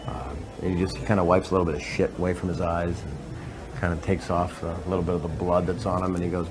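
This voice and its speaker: A man's voice: sits low, flat delivery, fast, noisy background. A male comedian telling a crude joke in rambling stand-up style, laughing through it and breaking off to restart.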